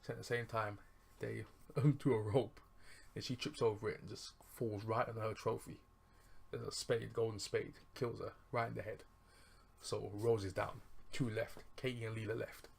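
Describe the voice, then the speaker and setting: A man's voice: fairly low pitch, level tone, moderate pace, creaky, slightly rough. A man casually retelling a film's plot as a reviewer, rambling, chuckling and correcting himself as he goes. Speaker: movie reviewer.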